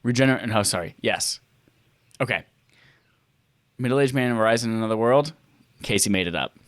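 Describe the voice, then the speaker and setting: Co-hosting a podcast, a man with a fairly low voice at normal speed plays a quiz, thinking aloud and joking casually, even putting on mock voices. There's no room sound on the recording.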